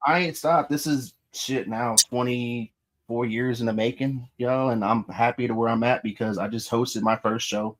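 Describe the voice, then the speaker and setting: A man's voice: mid-range voice, steady tone, normal speed. A man in his thirties hosting a podcast, talking candidly and profanely about his past and how he changed. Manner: candid, profane, self-reflective. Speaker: podcast host. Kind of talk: casual podcast chat.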